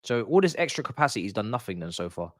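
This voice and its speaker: A young man, doing excited, slangy live commentary for a football watch-along stream, repeating himself as he reacts. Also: lowish voice, very fast, no room sound, clean studio sound.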